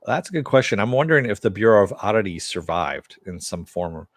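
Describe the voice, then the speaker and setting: A man's voice: on the low side, animated, brisk, dry recording, clean studio sound. A man hosting a casual live-stream review, recapping an episode in a rambling way. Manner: rambling, many "uh" and "he goes". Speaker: show host reviewing a TV episode.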